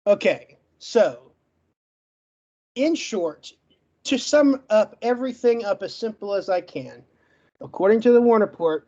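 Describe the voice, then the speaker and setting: A man with a stutter giving a brisk, emphatic closing argument as a guest in an online debate, listing facts one after another. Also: high-pitched, dark tone, highs cut off. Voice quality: stutters, gets stuck on words.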